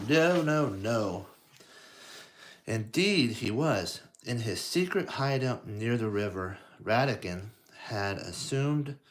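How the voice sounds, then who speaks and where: Male storybook reader for kids, very slow, halting, chatty asides. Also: fairly low pitch. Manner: slow, halting, asks the listener questions. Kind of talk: reading a storybook aloud to children.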